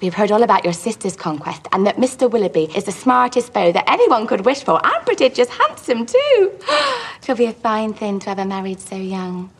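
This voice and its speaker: Period drama: a breathy, chattering young lady, regional English accent, gossipy. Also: medium pitch, big pitch swings, normal speed. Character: chattering young woman gossiping about suitors.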